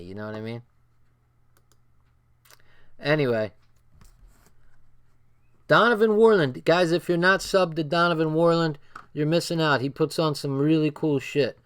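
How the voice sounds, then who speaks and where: Smooth-voiced New Jersey man, blunt. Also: a little high. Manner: blunt, emphatic, repeats phrases for stress. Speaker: livestream host reading a book aloud. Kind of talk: casual reading and commentary livestream.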